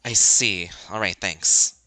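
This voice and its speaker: A man voicing a plain, earnest young game protagonist in a quick, matter-of-fact way, fan voice acting over a game. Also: on the low side, bright, forceful tone, dry recording, pitched below the performer's own voice, full character voice, rough recording.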